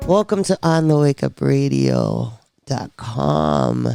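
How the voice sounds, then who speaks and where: A man's voice: mid-range voice, animated, slow pace, creaky, dark tone, smooth, no room sound, clean studio sound, faint music behind. A man opening a casual online radio show with a playful, repeated welcome.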